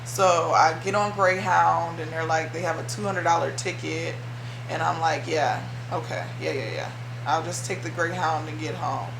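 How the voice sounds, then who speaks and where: A woman's voice: low voice, steady tone, moderate pace, gravelly. A young woman vlogging, telling a personal story in an emotional, rambling way with many fillers. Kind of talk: casual storytelling. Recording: echoey room with faint hum.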